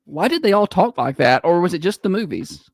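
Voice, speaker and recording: A man's voice: high-pitched, very animated, fairly quick, a little mellow, no echo. A man hosting a morning radio show with a Southern American accent, joking through casual banter. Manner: joking, does old-timey announcer voices.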